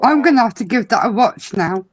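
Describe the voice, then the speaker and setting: A woman in a casual chat, giving relaxed, brief replies. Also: on the high side, a little fast.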